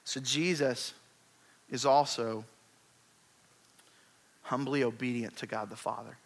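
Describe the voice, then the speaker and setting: A man preaching a sermon, retelling scripture in a lively, conversational way with emphatic rises. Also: medium pitch, slow.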